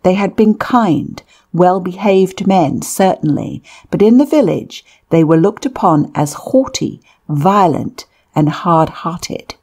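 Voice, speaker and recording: A woman narrating a memoir-style audiobook in a measured, deliberate reading. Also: lowish voice, lively intonation, darkish tone.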